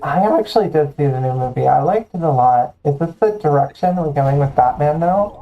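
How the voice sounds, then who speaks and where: A woman's voice: sits low, lively intonation, a little fast, phone-quality sound, faint music behind. A woman hosting a stream, chatting casually with a friend and joking playfully. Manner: playful, jokey banter. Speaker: streamer host. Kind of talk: casual chat on a game stream.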